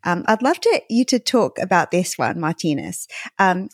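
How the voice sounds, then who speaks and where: A woman's voice: on the low side, very animated, normal speed, dry recording, clean studio sound. A woman hosting an interview, enthusiastic and affirming, often laughing as she talks. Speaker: podcast host. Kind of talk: casual interview chat.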